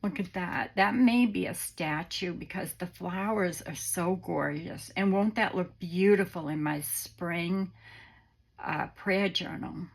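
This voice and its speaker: A woman hosting a crafting vlog, talking gently and sentimentally to her viewers while unwell on antibiotics. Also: fairly low pitch, slow pace, gravelly, husky. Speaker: crafting channel host. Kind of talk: casual vlog chat to viewers.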